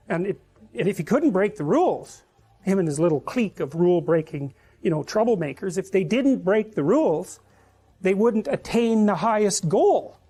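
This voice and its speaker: A man's voice: high-pitched, darkish tone, breathy edge. A man giving a reflective, lecture-style explanation, searching for words as he builds his point. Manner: thoughtful, searching, repeats words while building ideas. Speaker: psychology lecturer. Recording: with faint music underneath.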